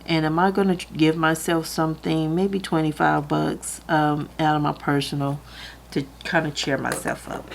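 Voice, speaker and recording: A woman's voice: sits low, little pitch movement, normal speed, vocal fry, slight background noise. A woman, chatting casually to camera about her budget, laughing easily and close to tears at times. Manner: chatty, laughs easily, talks through her math aloud. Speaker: budgeting vlogger.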